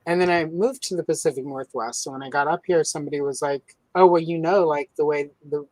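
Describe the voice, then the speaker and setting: A low-pitched woman from the American South chats casually as a show host, spinning joking stories with an easy drawl. Her voice sits close and dry, with almost no room sound around it. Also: steady tone, fast talker, darkish tone, no room sound, poor audio. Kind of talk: casual podcast chat.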